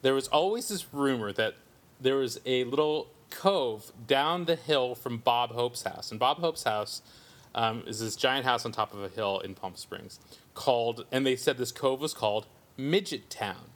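A man's voice: mid-range voice, lively intonation, normal speed. A man in his forties who grew up in the Southern California desert, co-hosting a podcast and telling a long, self-amused story in casual chat. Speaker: podcast co-host.

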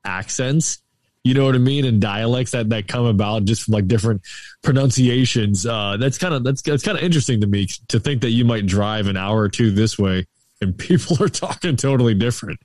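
A man's voice: mid-range voice, fairly quick, a little mellow, no room sound, studio quality. A man from the Tampa Bay area of Florida, hosting a casual podcast chat in a loose, joking way. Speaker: podcast host.

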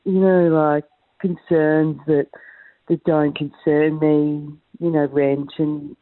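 A woman's voice: low-pitched, level tone, slow pace, no echo. A woman voicing a rambling, spacey hippie auntie calling in, with a dry hacking cough. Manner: meandering, vague, spacey. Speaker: caller. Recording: tinny phone line.

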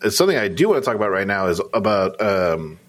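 A man's voice: fairly low pitch, sing-song, fast. A man co-hosting a casual gaming podcast, talking loosely with lots of fillers. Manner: rambling, filler-heavy. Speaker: podcast co-host. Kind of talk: casual chat.

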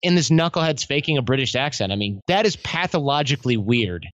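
A man talks as a guest on a podcast, telling lively stories and acting out what other people said. His voice sits in the middle of the male range. The recording is dry and a little muffled. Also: medium pitch, brisk, no echo. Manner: animated storytelling, acts out quotes in other voices. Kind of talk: conversational interview.

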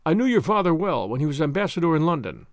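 A man's voice: a little high, sing-song, fast, no room sound, clean studio sound. A man voicing a regal male prince with a courtly, drawling manner. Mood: gracious. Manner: courtly, drawling, alternately cold and gracious.

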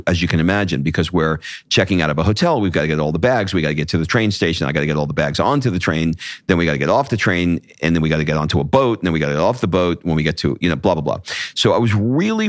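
A man on a casual podcast, chatty and teasing, who runs through lists of steps in quick bursts. His voice is very deep, and it is recorded dry on a close mic. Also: no echo. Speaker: podcast co-host, event organizer. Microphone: wired up, close mic.

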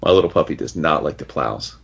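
A man's voice: rumbling low, animated, a little fast, gravelly, a bit bright, slight background noise. A man casually reviewing a comic book on a podcast, enthusiastic and rambling, with frequent restarts. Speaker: podcast co-host. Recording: dull lo-fi audio.

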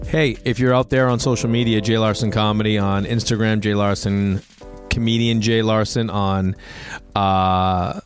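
A man, a comedian chatting casually to the camera, his voice hoarse after losing it, rambling and joking at his own expense. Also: fairly low pitch. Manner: rambling, self-mocking, jokey. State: hoarse, voice partly lost. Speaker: comedian vlogger.

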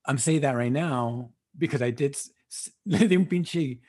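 A man's voice: mid-range voice, moderate pace, a little mellow, slightly rough. A man co-hosting a casual podcast, talking in laid-back slang and mixing in Spanish words. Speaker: podcast co-host. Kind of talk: casual chat.

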